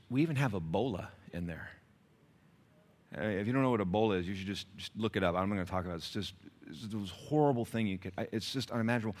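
A male pastor preaching a sermon, telling stories with lively swings from shouts to hushed whispers. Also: lowish voice.

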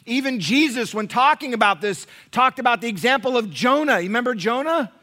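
A middle-aged American man preaching a sermon in a church, emphatic and joking, dropping to a hush and then rising loud. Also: extremely high pitch, expressive, brisk. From United States. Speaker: pastor.

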